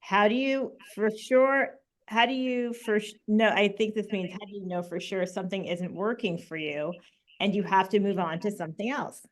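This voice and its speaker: A woman hosts a relaxed online webinar from her home, speaking over a video call. She talks in an easygoing, chatty way, with plenty of "um" and "you know," pausing to read out audience questions. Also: medium pitch. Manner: friendly, filler-heavy, stops to read questions. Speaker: webinar host. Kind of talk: casual online webinar talk.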